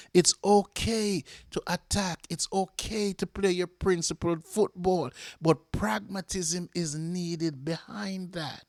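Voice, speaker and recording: A Jamaican man hosting a fan channel, giving an impassioned match reaction that repeats itself and flares up before calming. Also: a little high, no echo, studio quality. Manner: impassioned, repeats himself, flares up then calms.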